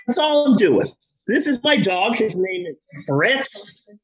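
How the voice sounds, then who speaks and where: A man's voice: high-pitched, very animated, normal speed, a bit bright, breathy edge, lo-fi sound, exaggerated voice. A man voicing a careless, rebellious young puppet king in a comedy story, with a casual, swearing, exasperated delivery. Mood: indignant.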